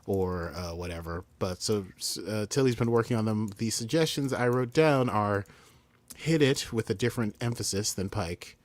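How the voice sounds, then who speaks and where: A man's voice: fairly low pitch, moderate pace, few pauses. A man co-hosting a podcast, chatting casually as he recaps a story and mimics the characters. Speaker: podcast co-host.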